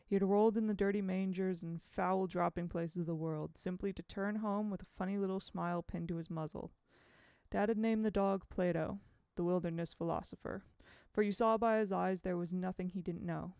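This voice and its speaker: Brief: audiobook narrator, mid-pitched, gravelly edge, dry close mic. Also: female voice, no room sound. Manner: measured, expressive reading. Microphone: home microphone.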